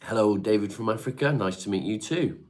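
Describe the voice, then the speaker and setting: Reading the chat on a livestream at home, a middle-aged Devon-accented man from England talks a little fast in a lowish, slightly mellow voice. He's blunt and casual with viewers as he answers them, swearing freely.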